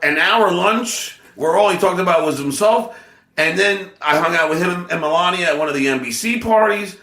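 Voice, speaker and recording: A man's voice: high voice, moderate pace, vocal fry, roomy sound. A man, a comedian hosting a podcast, telling a story in casual chat with lots of stammered restarts. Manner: animated, stammering, restarts a lot.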